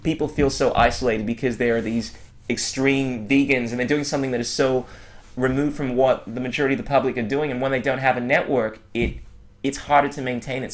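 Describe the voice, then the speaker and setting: A man hosting a podcast in casual chat, joking and animated at the sign-off. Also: medium pitch. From Australia. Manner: jokey, animated sign-offs. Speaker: podcast host.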